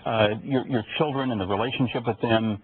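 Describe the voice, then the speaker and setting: A man's voice: mid-range voice, fairly even intonation, brisk. A man hosting a radio interview, asking questions in an easygoing way with joking asides. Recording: tinny phone-like radio broadcast with crowd.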